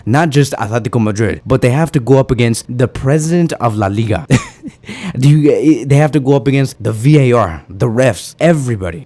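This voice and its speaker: A man ranting heatedly as a football fan, his voice slightly rough from screaming the day before. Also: mid-range voice, warm tone. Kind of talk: ranting fan vlog commentary.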